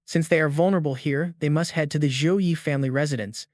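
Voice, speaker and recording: A man giving scripted narration of a story recap in an even, dramatic storytelling delivery. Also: fairly high pitch, quick pace, dry recording, clean studio sound.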